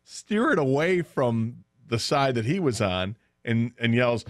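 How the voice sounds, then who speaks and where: A man's voice: medium pitch, sing-song, a little slow, fairly bright tone, dry recording, clean studio sound. A man co-hosting a sports radio show, chatting casually and telling a story with laughs.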